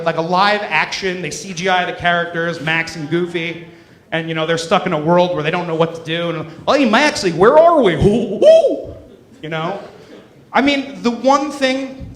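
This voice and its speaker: A man in his late twenties doing a stand-up set in a comedy club, dry and deadpan between sudden character voices. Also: high voice. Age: 20s. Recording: roomy club sound.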